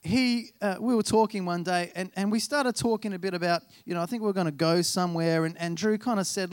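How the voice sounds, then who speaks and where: A man's voice: high voice, a little fast, few pauses, clean tone, no echo. A man in his thirties, a pastor preaching a sermon in a chatty, self-deprecating way, acting out bits of dialogue as he tells stories. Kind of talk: sermon with personal storytelling.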